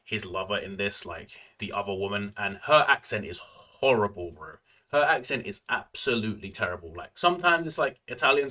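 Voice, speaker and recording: A man reviewing a film in a casual, ranting way, packing his talk with fillers and slang. His voice sits low but comes across bright and forceful. He talks at a quick clip. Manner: ranting, filler-heavy, frequent "like" and "bro". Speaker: movie reviewer.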